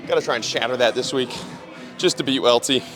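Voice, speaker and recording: A man's voice: mid-range voice, a little fast, music in the background. A young man filming a gym training vlog as a strength coach, hyped and talking between lifts, often swearing.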